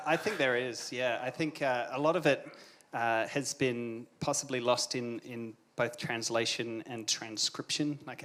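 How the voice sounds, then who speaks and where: A man speaking on a discussion panel in an easygoing, thoughtful way. His voice is mid-pitched and he slips in wry asides as he talks. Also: a bit bright.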